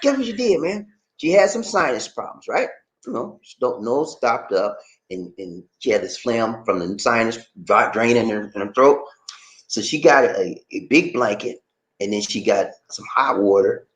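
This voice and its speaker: An American man hosting a casual live stream from home, reading out viewer names, laughing often and talking in a lively, easygoing way. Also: medium pitch, moderate pace. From United States. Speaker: vlog host reading live chat.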